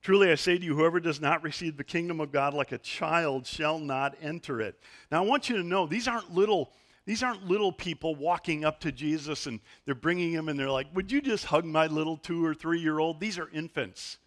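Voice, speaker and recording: In a church sanctuary, a middle-aged pastor preaches a sermon, telling stories with animation and acting out the voices of those he quotes. His voice is a little high, a little fast, and fairly bright.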